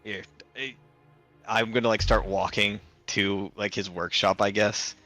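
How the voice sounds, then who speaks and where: A man's voice: lowish voice, fairly even intonation, a little slow, sharp tone, soft background music. A young man playing a tabletop game, hesitant and full of fillers. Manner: hesitant, laughing, many fillers. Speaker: player. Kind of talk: tabletop role-play.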